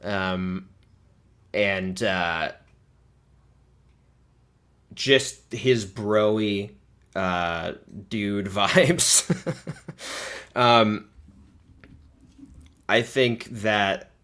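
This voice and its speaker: A man's voice: fairly low pitch, drawn-out words, long pauses, a bit bright, smooth. A man hosting a casual reaction stream, talking loosely, swearing and laughing often. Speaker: livestream host.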